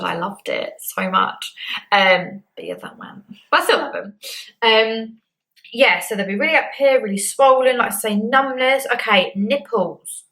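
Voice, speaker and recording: A woman's voice: on the high side, bright, forceful tone, rough recording. A young woman vlogging to camera in a candid, chatty way, acting out little quoted reactions. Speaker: beauty vlogger. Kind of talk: casual chat to camera.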